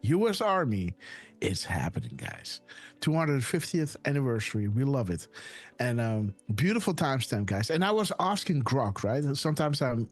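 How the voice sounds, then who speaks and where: A man hosting a casual live stream, talking excitedly and tossing "right?" and "guys" into nearly every sentence. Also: medium pitch, moderate pace, faint music behind. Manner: excited whoops and laughs. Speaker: host. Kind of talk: casual livestream commentary.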